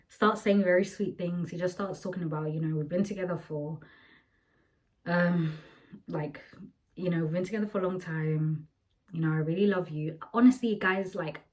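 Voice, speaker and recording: Chatty young woman vlogger, lowish voice. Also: rough recording. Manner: chatty, rambling, full of "like" fillers. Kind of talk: casual storytelling to camera.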